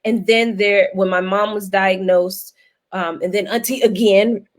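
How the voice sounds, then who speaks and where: Animated woman host telling stories. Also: medium pitch, unhurried. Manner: animated storyteller, laughs often, folksy phrasing. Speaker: guest host. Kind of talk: casual panel talk.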